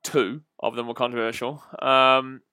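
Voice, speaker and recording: A young man casually commenting on a football match live and answering viewer comments, chatty and quick to laugh. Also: mid-range voice, flat delivery, pushed and bright, clear, resonant tone, no echo, clean studio sound. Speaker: livestream football watch-along host.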